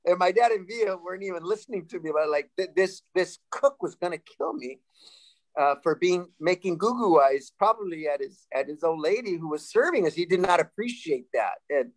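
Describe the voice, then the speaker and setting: A man in his sixties from Sacramento, California, telling lively stories as a panel guest, laughing and restarting often. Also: sits high, fairly quick, low-quality recording. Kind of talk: casual storytelling.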